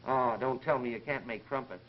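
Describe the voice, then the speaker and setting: A man's voice: mid-range voice, a little fast, natural voice. An actor playing a cheeky male insurance salesman who flirts and wisecracks. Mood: flirty. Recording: 1930s film soundtrack, dull and hissy.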